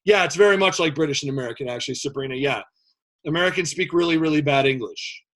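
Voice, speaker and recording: A man's voice: fairly high pitch, quick pace, a bit bright. Chatty, joking male history teacher. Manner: chatty, joking asides, frequent fillers. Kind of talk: casual classroom lecture.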